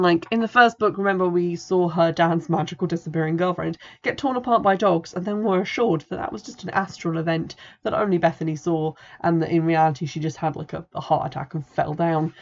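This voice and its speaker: Low, gravelly woman reviewing a book. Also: brisk. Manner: sarcastic, exasperated, swears casually. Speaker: podcast host reviewing a book. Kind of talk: casual spoken review with reading aloud. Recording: dull lo-fi recording.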